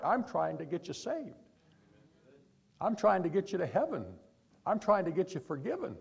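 Male preacher, fairly high husky voice, earnest pleading sermon delivery. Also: darkish tone. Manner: pleading, rising to emphatic then dropping low.

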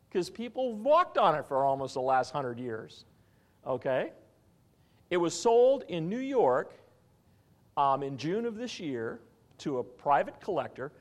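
A man preaching a sermon in an animated teaching style, often asking his listeners questions. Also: on the high side. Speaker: pastor.

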